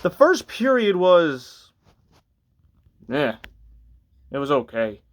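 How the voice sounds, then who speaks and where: A man with a fairly high voice rants through a sports recap in a loose, rambling way. He sounds tired and exasperated, and keeps restarting his sentences. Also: sing-song, slow pace. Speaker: sports fan vlogger. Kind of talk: casual ranting recap.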